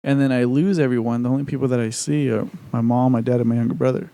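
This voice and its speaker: A man's voice: mid-range voice, fairly even intonation, fast talker, warm tone, no room sound. A man co-hosting a podcast in casual chat, rambling with lots of profanity, fillers and restarts. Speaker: podcast co-host.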